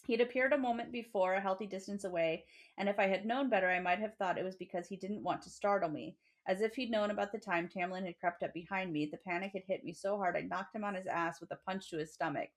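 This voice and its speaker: A woman's voice: medium pitch, fast, few pauses. A woman co-hosting a podcast, chatting animatedly with frequent laughter and swearing, and reading passages from a novel aloud. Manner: animated, profane, laughs often. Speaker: podcast co-host.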